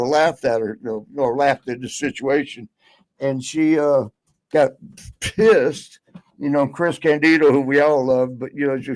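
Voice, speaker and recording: A man's voice: a little high, no echo, poor audio. Man guest, loose rambling storyteller, dry close sound. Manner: rambling, lots of fillers and laughs. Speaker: podcast guest. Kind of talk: casual storytelling.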